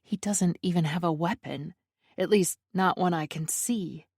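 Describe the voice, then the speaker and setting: Woman, audiobook narrator, slow pace, fearful, tense, dry studio sound. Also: fairly low pitch, darkish tone, breathy edge, no echo. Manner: fearful, breathless inner voice. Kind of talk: first-person romance narration.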